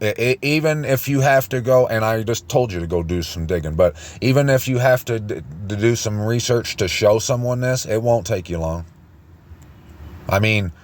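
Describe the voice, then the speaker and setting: Slow, low-voiced man preaching with restarts. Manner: rambling, halting with many restarts. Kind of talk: informal online teaching.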